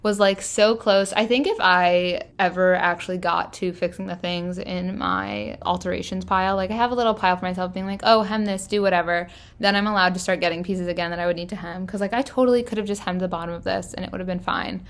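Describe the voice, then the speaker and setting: A woman's voice: lowish voice, fairly even intonation, fast, vocal fry, hardly any pauses. A young woman casually narrating her thrift-shopping trip, chatty and enthusiastic, with plenty of filler words. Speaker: fashion vlogger. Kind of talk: casual thrift-haul voice-over.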